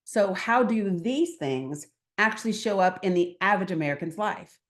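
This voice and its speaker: Woman giving a workshop talk, chatty and animated, asks the crowd stuff, acts out convos. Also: mid-range voice, moderate pace. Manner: animated, conversational, asks the room questions, acts out dialogue. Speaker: guest speaker at a political training. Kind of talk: lively workshop talk to an audience.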